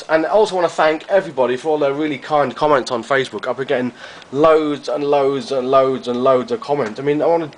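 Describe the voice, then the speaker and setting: Brief: man, vlogger, loose and gushing, circles back on his own sentences, faint background noise. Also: mid-range voice. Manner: rambling, effusive, repeats himself. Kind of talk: casual chat to camera.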